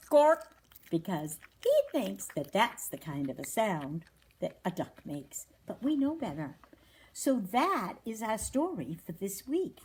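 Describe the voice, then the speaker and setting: A woman hosting an animal rescue livestream, reading a children's story aloud with a gentle, chatty delivery. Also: medium pitch, slight background noise.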